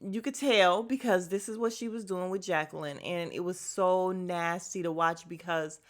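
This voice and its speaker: A woman's voice: on the low side, moderate pace. A woman hosting a podcast, recapping a reality show in a casual, blunt, slangy way and laughing often. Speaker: podcast host.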